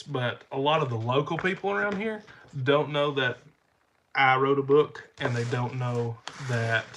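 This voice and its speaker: Rambling folksy man, stuffy nose, bright voice, casual vlog storytelling. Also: medium pitch, slight background noise. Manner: rambling, repeats himself, folksy. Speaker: channel host.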